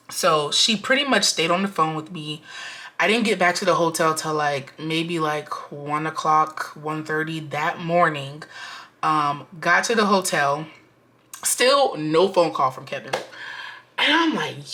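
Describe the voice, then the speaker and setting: A young woman telling a chatty storytime on her vlog, animated and slangy, talking straight to her viewers. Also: low voice, normal speed. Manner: animated, slangy, lots of "like" and "y'all". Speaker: budgeting vlogger.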